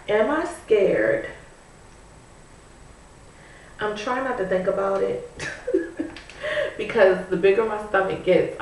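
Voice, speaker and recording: A pregnant woman talks slowly and chattily to camera while curling her hair, often pausing on "you know." Her voice sits back from the mic and rings strongly around the room. A faint hiss runs underneath. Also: mid-range voice, recorded from a distance. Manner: chatty and musing, full of "you know" and "I'm like". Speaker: vlogger. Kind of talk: casual chat to camera. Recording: echoey room, voice away from the mic, faint noise.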